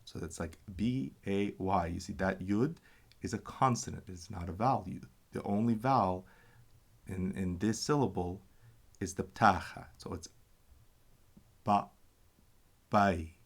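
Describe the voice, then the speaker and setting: A man patiently teaching a reading lesson, sounding out syllables and pausing to explain and correct himself. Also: sits low, vocal fry, breathy edge. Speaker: language teacher.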